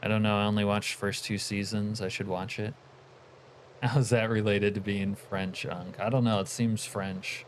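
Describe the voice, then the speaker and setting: A man's voice: on the low side, flat delivery, moderate pace, slight background noise. A man streaming a game, chatting with viewers and muttering asides, swearing freely. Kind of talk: casual gameplay commentary.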